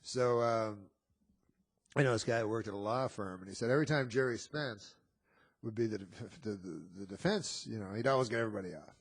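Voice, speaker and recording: A man's voice: fairly low pitch, a little fast, slightly rough. A man, a podcast guest, telling long rambling anecdotes in a dry, casual way.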